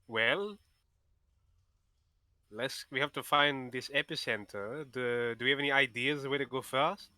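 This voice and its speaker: Male player, bright and tense, jokey; dry close mic. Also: mid-range voice, unhurried, long pauses, no room sound. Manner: joking, laughs often. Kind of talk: casual tabletop game chat.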